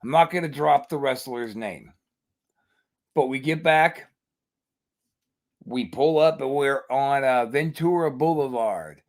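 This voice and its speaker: A man's voice: medium pitch, slow pace, pauses often. A man hosting a podcast, telling a profane story in casual chat. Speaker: podcast host.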